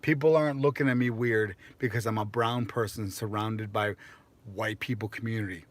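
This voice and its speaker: A man's voice: on the low side, fairly even intonation, moderate pace. A young American man chatting casually on a live stream, rambling and self-mocking, with lots of fillers. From United States.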